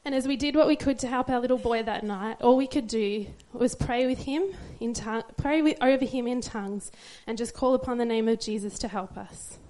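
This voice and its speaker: A woman's voice: on the high side, brisk, few pauses, darkish tone. A young woman giving an emotional church testimony as a new mother, tearful and laughing through it. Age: young adult.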